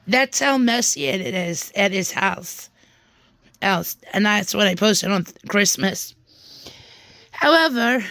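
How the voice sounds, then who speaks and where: Young woman, frustrated vlogger, rambling storytime, fairly high voice, dry sound. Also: a bit bright, no echo. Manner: frustrated, restarts and repeats words while venting. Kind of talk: rambling personal storytime vlog.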